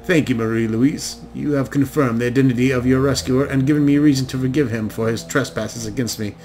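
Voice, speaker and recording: A cold, imperious rich father who speaks in clipped, formal commands, as a man puts him on. The voice sits at a middle pitch with a faint hiss behind it, read aloud from a fantasy game. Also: fairly even intonation, brisk, a little mellow, lightly acted.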